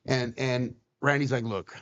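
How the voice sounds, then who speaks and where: A man telling a story in casual talk, swearing often and acting out the other people in it. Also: medium pitch. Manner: swearing, quick and animated retelling. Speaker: guest on a podcast. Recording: slightly dull, lo-fi sound.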